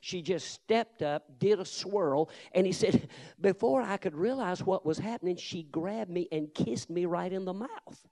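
A man's voice: high voice, a little slow. A man preaching a sermon, telling stories with punch and calling out amens. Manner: lively, punchy storytelling with shouted amens. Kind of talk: sermon with storytelling.

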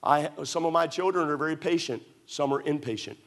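A man's voice: on the high side, a little fast, fairly bright tone. A middle-aged man pastor preaching a sermon, telling stories with emphatic repetition.

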